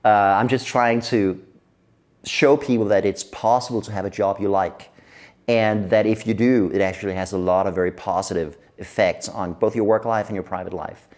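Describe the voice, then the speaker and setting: A middle-aged man from Denmark, a guest in an interview who tells stories in a lively way and laughs often. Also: fairly low pitch, normal speed. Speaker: guest expert on workplace happiness. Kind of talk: casual interview chat.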